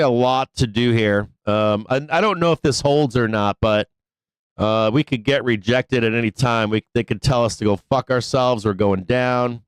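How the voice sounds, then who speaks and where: A man rants about the market on his live trading show, swearing freely and breaking into laughter. His voice is smooth and clear at an ordinary male pitch. It is recorded close and dry with no room sound. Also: no room sound. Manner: profane, ranting, laughing often. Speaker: stock market show host. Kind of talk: casual live trading commentary.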